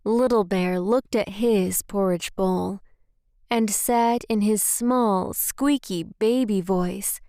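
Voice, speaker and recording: Spanish-speaking woman reading a kids story real slow, dry close sound. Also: mid-range voice, mellow, smooth, no room sound. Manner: slow, careful reading aloud.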